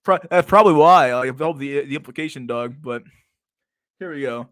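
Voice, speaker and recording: A man's voice: mid-range voice, fairly quick, fairly bright tone, no room sound, clean studio sound. A man streaming casual reaction commentary on videos, with crude slang, frequent laughter, and a habit of calling his viewers dog and bro.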